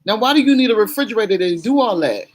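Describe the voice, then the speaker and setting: A woman's voice: medium pitch, expressive, fast talker, rough recording. A middle-aged woman talking candidly to her camera in a chatty, emotional vlog, swearing casually as she goes. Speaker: vlogger.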